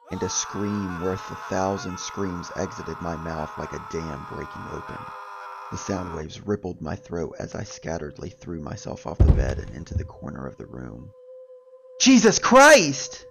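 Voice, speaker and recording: A man giving scripted horror story narration in a slow, dramatic manner. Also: deep voice, vocal fry, very noisy. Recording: background music.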